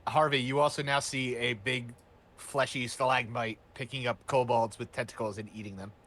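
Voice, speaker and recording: A man's voice: medium pitch, steady tone, moderate pace, fairly bright tone. A man running a tabletop game as game master, narrating scenes and explaining rules at length.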